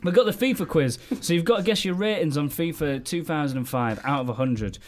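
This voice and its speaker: A man's voice: on the high side, a little fast. A man hosting a podcast, running a quiz and teasing his co-hosts. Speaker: podcast host.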